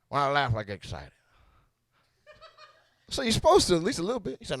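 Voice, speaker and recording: A man doing a loud, animated stand-up set on a club stage, laughing at his own jokes. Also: mid-range voice, normal speed, pauses often, no echo. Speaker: stand-up comedian.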